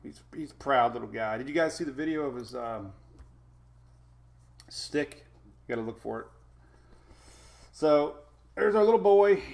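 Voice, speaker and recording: A man's voice: medium pitch, lively intonation, unhurried, gravelly, pauses often, darkish tone. A man hosting a casual weather live stream from home, rambling as he reads out viewer names and talks to his puppies. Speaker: weather show host.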